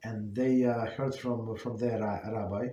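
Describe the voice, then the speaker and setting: Man teaching, halting, in an echoey room. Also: fairly low pitch, steady tone, warm tone, highs cut off, a little hiss or hum. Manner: halting, many fillers and restarts. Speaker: rabbi teaching a class. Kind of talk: informal Torah class.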